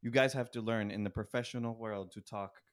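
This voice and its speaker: A young man chatting casually on a podcast in a relaxed, easygoing way. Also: fairly low pitch, brisk. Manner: relaxed, easygoing, says "like" a lot.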